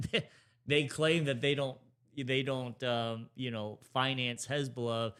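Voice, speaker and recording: A man with a clear, smooth voice at a middle pitch co-hosts a podcast. He chats casually and rambles, hedging and restarting as he goes. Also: steady tone, takes it slowly, fairly bright tone. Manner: rambling, many restarts and hedges. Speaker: podcast co-host. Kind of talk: casual chat about current affairs.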